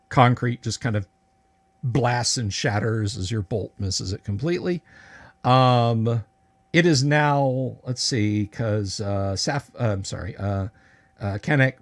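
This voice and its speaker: A man narrating as game master of a tabletop game on an online stream, casual and halting with many filler words. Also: mid-range voice. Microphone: video call.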